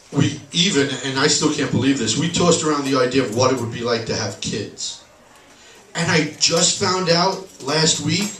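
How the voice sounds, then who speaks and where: A man performs stand-up in a bar, his slightly high voice delivering sarcastic, deadpan punchlines. The sound is echoey and taken from far off across the room. Faint bar noise sits underneath. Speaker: stand-up comedian. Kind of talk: stand-up comedy set. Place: bar stage, live room. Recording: echoey bar recorded from a distance.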